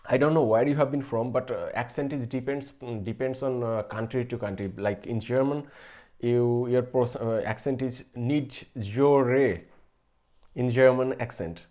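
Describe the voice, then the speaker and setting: This is a young man in his late twenties hosting his own math live stream. He answers viewers casually in a relaxed, dark-toned voice. His speech is hesitant and full of fillers, false starts and little chuckles. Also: mid-range voice, moderate pace. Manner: hesitant, many fillers and restarts, chuckles often. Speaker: math channel host.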